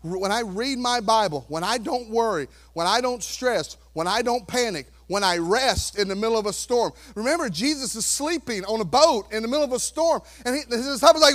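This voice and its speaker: A preaching pastor with an unusually high male voice. He stays emphatic throughout, pressing the congregation with rhetorical questions. He drops to near whispers and then rises to shouts. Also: expressive, fairly quick, few pauses. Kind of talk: sermon.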